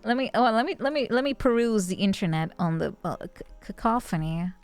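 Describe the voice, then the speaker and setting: Brief: giggly non-native-English woman streamer, casual rambling chat, lively pitch, soft music underneath. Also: a little fast. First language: not English.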